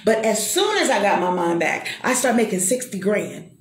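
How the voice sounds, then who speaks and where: A woman's voice: medium pitch, sing-song, normal speed, roomy sound. A middle-aged woman giving an emphatic, preacher-like personal testimony and calling out to the listener. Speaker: motivational speaker.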